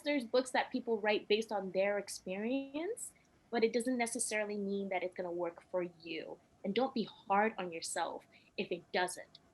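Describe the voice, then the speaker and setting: A woman's voice: medium pitch, slightly rough, rough recording. A young woman and podcast guest telling personal stories in casual chat, emotional and laughing often.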